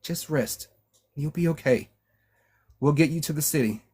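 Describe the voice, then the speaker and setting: A grieving young woman, played by a male narrator, begs in a choked, crackling voice, pitched high above his own. Her words come out tearful and pleading, like a storybook reading. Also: unhurried, darkish tone, breathy edge.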